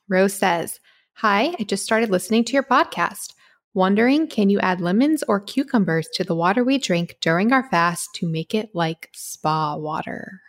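A woman co-hosting a podcast in casual chat, talking in a rambling way with many fillers. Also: mid-range voice. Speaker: podcast co-host.

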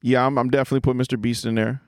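Fast-talking man laughing with friends. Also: medium pitch, flat delivery, a little mellow, no room sound, studio quality. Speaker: podcast guest. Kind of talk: casual chat.

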